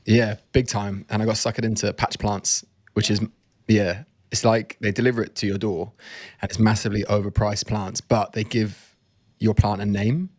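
A man's voice: on the low side, level tone, normal speed, darkish tone. A man hosting a casual podcast, chatty and self-mocking as he tells anecdotes. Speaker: podcast host.

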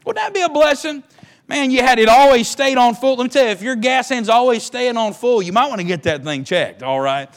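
Pastor, male, very high voice, emphatic sermon delivery with repeated words and call-outs to the congregation. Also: expressive, fairly quick.

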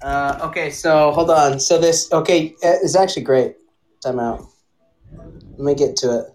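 A woman with a notably low, deep voice hosts a loose live chat with friends. She rambles through her stories and breaks into laughter often. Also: moderate pace, darkish tone, poor audio. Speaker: host.

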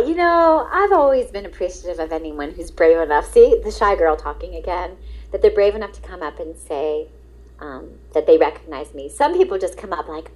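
A middle-aged woman, a guest actress, telling lively anecdotes in an interview and acting out the dialogue. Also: lowish voice, rough recording. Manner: lively, acts out quoted dialogue, laughs often.

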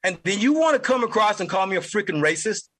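A man's voice: high voice, very animated, quick pace, fairly bright tone, low-quality recording. A man hosting a political podcast, delivering an angry, heated monologue and repeating lines for emphasis. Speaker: podcast host.

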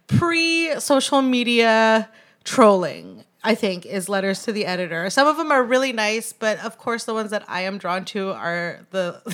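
A woman's voice: mid-range voice, fairly bright tone. A woman co-hosting a casual podcast, reading local news aloud with sarcastic asides and frequent laughter. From immigrant to the United States. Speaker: podcast co-host.

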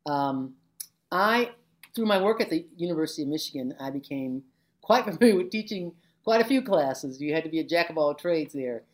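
An older woman with a notably low voice reflects on her teaching years in an interview. She tells stories with animation and slips into the voices of the people she quotes. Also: expressive, a little fast. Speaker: interviewee, former labor educator. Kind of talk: reflective oral-history interview.

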